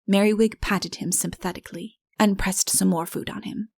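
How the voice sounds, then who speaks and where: A woman narrates a comic fairy tale as an audiobook, wry and lively in her telling. Her mid-range voice has a gravelly, fry-tinged texture. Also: medium pitch, moderate pace. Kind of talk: scripted storybook narration.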